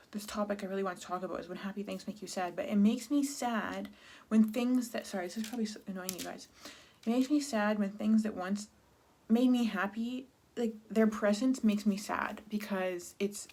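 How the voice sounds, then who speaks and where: A woman in her thirties from Canada speaks in a confessional vlog, halting and candid, full of restarts and fillers. She sounds sad and close to tears, her voice sitting at an ordinary middle pitch. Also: a little mellow. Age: 30s. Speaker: vlogger.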